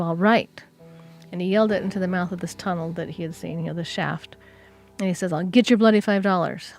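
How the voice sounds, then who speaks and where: Lowish-voiced woman rambling through a spooky mining story, faint music under it. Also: vocal fry, darkish tone. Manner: chatty, retells a folk tale with asides and fillers. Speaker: podcast co-host. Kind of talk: casual storytelling.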